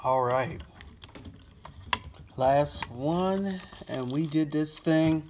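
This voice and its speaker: A man's voice: fairly high pitch, extremely slow, background noise. A man vlogging to camera, out of breath and lightheaded, gushing and sighing between phrases. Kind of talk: casual talk to camera.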